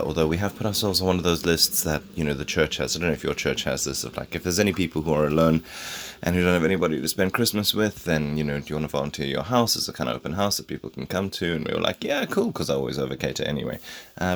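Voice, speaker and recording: A man from Africa, hosting a podcast at home in a relaxed, rambling solo chat full of ums and self-deprecating asides. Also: a bass voice. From South Africa. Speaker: podcast host.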